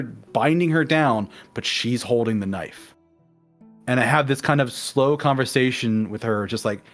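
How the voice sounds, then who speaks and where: A man talking casually with a friend, retelling his playthrough at length. He drops into the characters' voices for quotes, then slips back into plain narration. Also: medium pitch. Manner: animated storyteller acting out quotes. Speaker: guest in a game discussion. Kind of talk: casual conversation.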